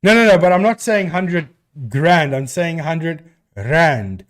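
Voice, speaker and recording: A man's voice: high voice, animated, moderate pace. A man from South Africa with a South African accent, a live stream host chatting casually and answering viewers with rambling restarts.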